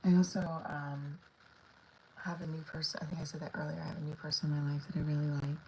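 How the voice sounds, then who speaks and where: A woman's voice: sits low, flat delivery, quick pace, background noise. A woman comedian chatting casually on a livestream, rambling with lots of fillers and talking to her viewers.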